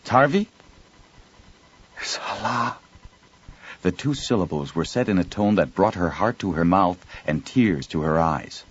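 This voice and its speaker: A man narrating an audiobook in an expressive storytelling reading. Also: low voice, moderate pace, hardly any pauses, slightly rough, lo-fi sound. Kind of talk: scripted narration.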